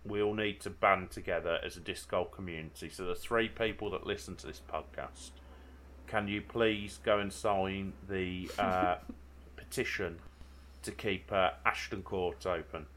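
A man's voice: deep voice, fairly even intonation, a little slow, a bit bright, slight background noise. A man, co-hosting a podcast and reading the news segment in a chatty way, often ending with tag questions. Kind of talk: casual podcast chat. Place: home bedroom.

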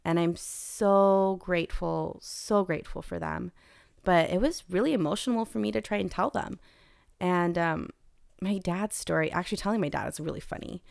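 A young American woman, a podcast guest, telling personal stories in a candid, animated way. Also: lowish voice, moderate pace, vocal fry, no room sound, studio quality. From United States. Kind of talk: casual conversation.

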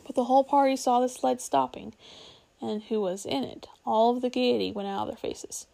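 A woman reading a children's novel aloud, expressive and unhurried, with small slips now and then. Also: on the high side, creaky. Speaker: storyteller.

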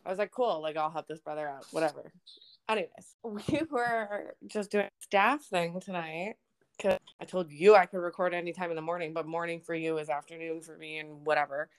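A woman's voice: fairly low pitch, a little fast, smooth. Sweary young woman telling a story. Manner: swears a lot, animated storytelling. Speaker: podcast co-host. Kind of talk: casual chat.

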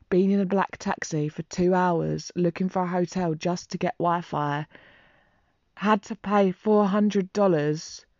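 A woman's voice: fairly low pitch, darkish tone, no room sound, highs cut off. A woman telling a personal story to her vlog audience in a rambling, heartfelt and emotional way. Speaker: vlogger. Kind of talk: casual storytelling to camera.

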